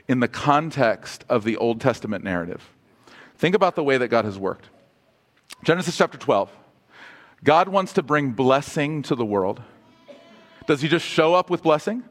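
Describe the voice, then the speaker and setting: A man preaching a sermon as pastor, asking the congregation questions and dropping humorous asides. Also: mid-range voice.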